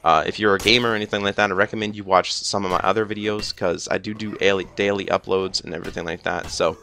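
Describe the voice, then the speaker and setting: A man's voice: low-pitched, level tone, fast, creaky, bright, forceful tone, slight background noise. A young man giving a casual TV episode review, rambling with lots of fillers, a little groggy and slurring as if he just woke up. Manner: rambling, filler-heavy with many "like" and "uh".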